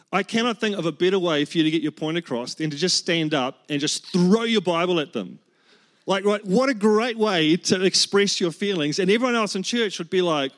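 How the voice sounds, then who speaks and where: A man's voice: high voice, fairly bright tone. A man, preaching a humorous sermon and telling stories with acted-out quotes. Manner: joking, storytelling with acted-out quotes. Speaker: pastor.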